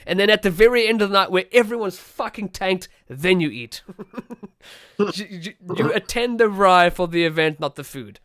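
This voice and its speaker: Chatty South African man, crisp and dry. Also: high-pitched, animated, a bit bright, dry recording. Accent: South African English. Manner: chatty, swears freely, laughs often, quick asides. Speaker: podcast host. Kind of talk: casual podcast chat.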